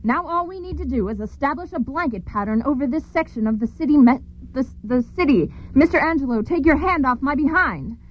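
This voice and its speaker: A woman's voice: high-pitched, animated, fairly quick, few pauses. A woman playing a stern, commanding female superhero leader in a comedy audio play, curt and bossy. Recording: dull lo-fi recording.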